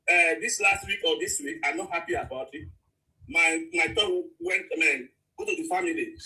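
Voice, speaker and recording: Impassioned high-pitched Nigerian caller. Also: male voice, pushed and bright, low-quality recording. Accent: Yoruba-accented Nigerian English. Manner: impassioned, emphatic, repeating rhetorical questions. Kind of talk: phone-in talk show call.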